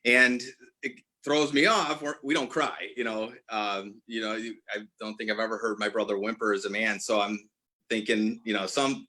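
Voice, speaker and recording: Bright-voiced earnest man in his forties. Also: fairly low pitch, steady tone, moderate pace. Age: 40s. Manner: earnest, tumbling restarts and self-corrections. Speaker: guest, apparel brand owner. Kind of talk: emotional personal storytelling.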